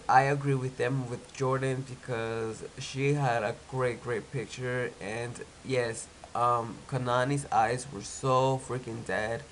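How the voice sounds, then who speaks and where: A man's voice: mid-range voice, fairly bright tone, low-quality recording. A young man with a stuffy, cold-clogged nose talks through a reality show episode in a loose, chatty way. He fills his talk with "like" and gives his opinions freely, in a mid-range voice with faint noise behind him. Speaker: TV recap vlogger. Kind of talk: casual reality-show recap.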